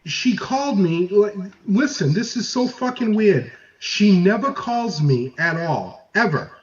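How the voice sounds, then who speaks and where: A man's voice: high-pitched, sing-song, unhurried. A man telling a story on a phone call in a casual way, quoting what others said. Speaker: phone caller. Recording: dull lo-fi call, far from mic.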